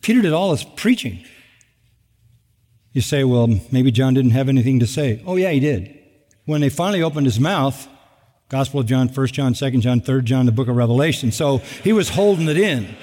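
A middle-aged man preaching a sermon, animated, with sarcastic asides and acted-out quotes. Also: medium pitch, moderate pace. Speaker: pastor. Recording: long hall reverb.

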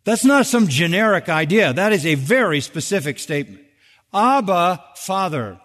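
An older man preaching a sermon from the pulpit, emphatic and building to urgent peaks on key phrases. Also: a little high. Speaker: pastor. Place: large church. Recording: long reverb of a church sanctuary.

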